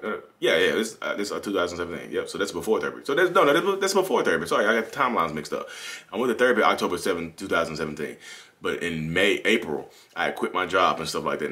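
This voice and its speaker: Fast-talking deep-voiced man. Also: pushed and bright. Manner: candid, rambling, self-correcting. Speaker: channel host. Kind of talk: confessional monologue.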